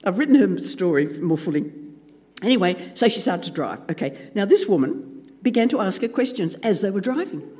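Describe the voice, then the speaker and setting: A man with an animated storytelling manner, acting out dialogue as a Christian speaker. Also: high-pitched, brisk. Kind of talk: storytelling talk. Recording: long reverb in a hall.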